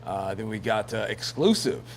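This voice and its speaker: A man's voice: lowish voice, lively intonation, normal speed, slight background noise. A man hosting a casual news commentary show, rambling and joking with lots of fillers and laughs. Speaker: host.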